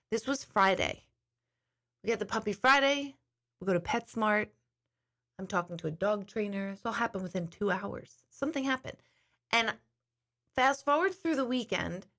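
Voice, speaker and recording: A woman's voice: fairly high pitch, bright, forceful tone. A middle-aged woman host chatting casually to her viewers, telling a long rambling story. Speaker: intuitive host.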